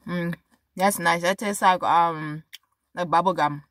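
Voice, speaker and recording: A woman's voice: fairly low pitch, fairly even intonation, a little slow, fairly bright tone. A young South African woman vlogging, talking frankly and chattily to her viewers with lots of fillers and emphatic repeats. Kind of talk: casual talk to camera.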